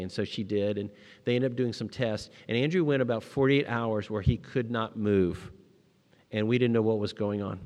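A middle-aged man preaching a sermon, telling personal stories, rising to emphatic peaks and dropping to quiet moments. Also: fairly low pitch, fairly even intonation, normal speed, in a large hall. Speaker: pastor.

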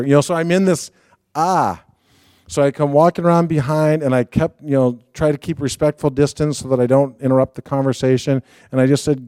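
A man's voice: on the high side, no echo, studio quality. A middle-aged man preaching a sermon, telling stories and acting out the quotes as he goes. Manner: storytelling, animated, acts out quotes. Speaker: guest preacher.

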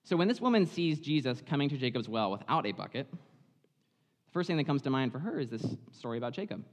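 Male preacher, conversational and animated, mid pitch; long hall reverb. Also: a little fast. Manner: animated, chatty, dramatizing the story. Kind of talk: sermon, conversational Bible storytelling.

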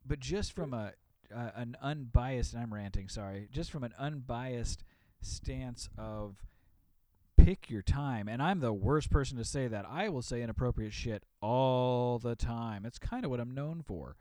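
A man's voice: mid-range voice, unhurried, mellow, no room sound. A man co-hosting a podcast, chatting casually with hesitant, self-deprecating restarts. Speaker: podcast co-host. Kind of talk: casual chat.

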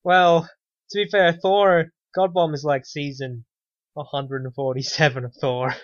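A man co-hosts a podcast in a slightly high, fairly even voice at an unhurried pace. His casual chat has a wry, sarcastic edge, and he often trails off and starts again, all on dull, dry lo-fi podcast audio.

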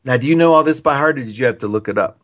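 A man's voice: mid-range voice, very fast, a bit bright. A man hosting an astrology call-in show, talking in a chatty, affectionate, rambling way. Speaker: radio show host and astrologer. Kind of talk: casual call-in chat.

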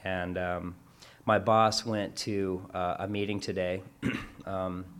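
Rambling, animated man in casual chat. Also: sits low, slow. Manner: rambling, animated storytelling with acted quotes and self-corrections. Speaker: workplace class instructor.

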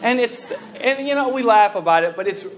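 A male preacher delivering a sermon in a high, light voice. He tells stories animatedly, restarting his sentences and filling the pauses with "you know". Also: a crowd in the background. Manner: animated storytelling with many fillers and restarts.

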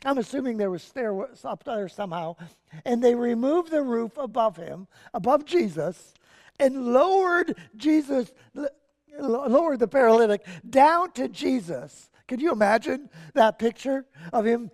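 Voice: medium pitch, expressive, unhurried, a little mellow, big-room sound. A pastor giving a sermon and telling a story with animation and casual asides. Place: church sanctuary.

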